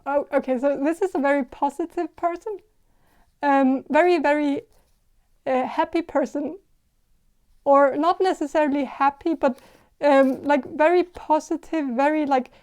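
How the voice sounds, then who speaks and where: A woman giving a casual tarot reading, talking in a halting, hesitant way with many fillers and restarts. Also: sits high, darkish tone. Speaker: tarot reader.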